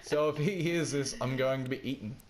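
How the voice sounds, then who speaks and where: A man's voice: mid-range voice, brisk. A man telling a rambling, self-deprecating story in casual chat while he plays a game. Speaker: gaming vlogger.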